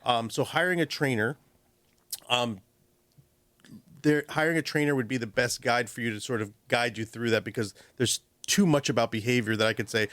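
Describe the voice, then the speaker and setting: A man who trains dogs, giving lively advice on a radio call-in show, often acting out owners and dogs in quick little voices. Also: mid-range voice, no room sound. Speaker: dog trainer guest. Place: radio studio. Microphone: studio microphone.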